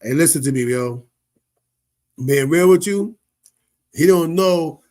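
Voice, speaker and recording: A man's voice: fairly high pitch, takes it slowly, a little mellow. A man giving casual, slangy commentary as a show host, often laughing and asking "you know what I mean". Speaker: show host reacting to viral clips.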